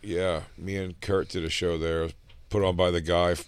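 A man with a low voice tells a rambling story in an unhurried, laid-back way. The sound is close and dry. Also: level tone, clean tone, no echo. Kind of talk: casual chat.

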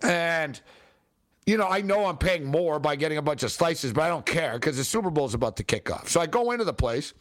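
A man hosting his own show, telling a rambling, exasperated story in a casual, animated way, full of fillers. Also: a little high, fairly quick. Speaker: show host.

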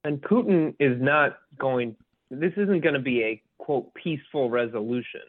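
A man's voice: mid-range voice, moderate pace, dry recording. A man calling in, speaking emphatically and stressing each point. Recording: tinny dry phone line.

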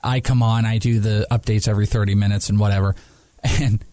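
Man, podcast host, casual sports banter, animated storyteller, laughs a lot, dry studio sound. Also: brisk, no room sound. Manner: animated storyteller, acts out quotes in a high voice, laughs often.

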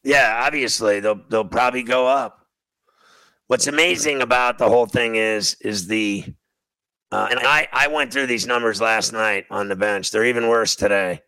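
A man's voice: mid-range voice, moderate pace, pushed and bright, clear, resonant tone, dry recording, low-quality recording. Blunt, ranting man host. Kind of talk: opinionated sports talk monologue.

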